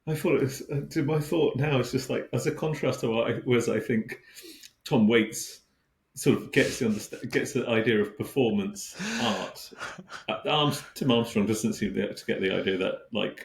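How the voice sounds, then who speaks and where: Gravelly man, sardonic. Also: medium pitch, moderate pace. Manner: dry, sardonic, hesitant. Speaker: podcast co-host. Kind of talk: casual chat. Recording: roomy echo.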